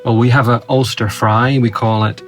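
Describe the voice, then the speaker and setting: A Northern Irish man hosts a relaxed chat, agreeing readily and asking his guest questions. His voice sits at an ordinary pitch. Faint guitar music plays underneath. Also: normal speed. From Northern Ireland. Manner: chatty, agreeable, asks questions. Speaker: podcast host. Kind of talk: casual conversation.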